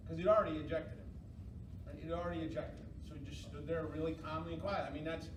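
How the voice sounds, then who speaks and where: A man's voice: fairly high pitch, fairly even intonation, quick pace. A man giving a casual training talk to umpires, conversational and questioning the room. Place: meeting room. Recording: echoey room from far off, noisy.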